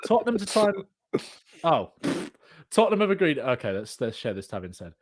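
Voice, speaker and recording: A man hosts a live fan podcast, talking fast with excitement and breaking into laughter. His voice sits in a middle range and the sound is close and dry, with no room around it. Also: mid-range voice, no echo. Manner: excitable, laughing, plugs channels. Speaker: podcast host. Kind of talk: live casual fan chat.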